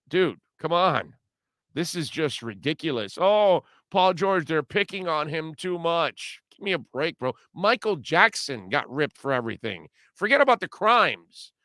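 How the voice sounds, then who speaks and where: A middle-aged man rants through a talk radio monologue in a blunt, slangy way. His voice sits high and sounds bright and clean. The sound is dry and close, as from a studio microphone. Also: clear, resonant tone, no room sound. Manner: blunt, ranting, casual slang. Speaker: radio show host.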